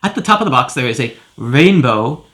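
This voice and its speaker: A man's voice: mid-range voice, big pitch swings, brisk, fairly bright tone. A man playing a pompous, self-important professor who hosts a comedic cereal review. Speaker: host. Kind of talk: comedic character monologue.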